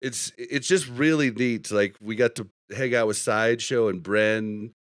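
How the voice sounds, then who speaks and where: A man's voice: medium pitch, a little slow, smooth, dry recording, studio quality. A man hosting a podcast, telling rambling stories in casual chat and laughing often. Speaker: podcast host.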